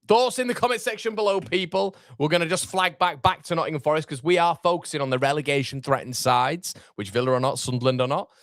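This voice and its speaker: A man's voice: fairly high pitch, fast, few pauses, a bit bright, dry recording, clean studio sound. A man hosting a live football watchalong, chatting casually and reading viewer comments aloud.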